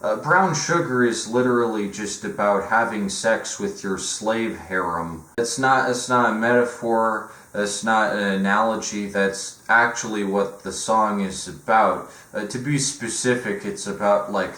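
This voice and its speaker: A young man rants through sarcastic comedic commentary, profane and mocking. His voice sits low. The room gives it a clear echo. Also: bright, forceful tone. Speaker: video essay host. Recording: echoey room.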